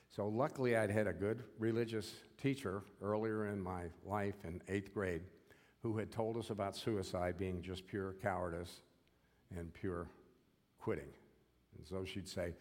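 A man's voice: low-pitched, darkish tone, in a large hall. An older man giving an earnest personal testimony, often repeating himself and checking in with "okay?". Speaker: former prisoner giving testimony.

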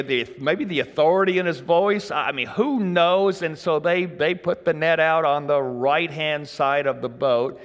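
A man preaching a sermon in a relaxed, folksy way, joking with the congregation. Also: a little high, big-room sound. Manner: folksy, conversational, jokes with the congregation. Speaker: pastor.

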